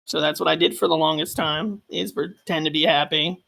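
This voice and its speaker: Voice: medium pitch, steady tone, brisk, vocal fry, bright, forceful tone, dry recording, low-quality recording. A community member on a live stream, talking earnestly and gratefully. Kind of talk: casual live-stream chat.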